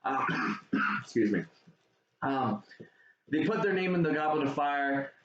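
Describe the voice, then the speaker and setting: A man's voice: a little high, lively intonation, a little slow, a bit bright. Man, casual movie review, rambling with fillers, roomy muffled sound. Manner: rambling, retells scenes with many fillers. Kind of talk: casual chat. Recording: echoey room, dull lo-fi sound, faint noise.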